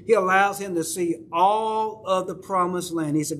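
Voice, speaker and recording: A man's voice: high-pitched, moderate pace, a bit bright, a little hiss or hum. A male pastor with a Southern accent preaching a sermon in a church, talking conversationally and checking in with the congregation. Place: church sanctuary.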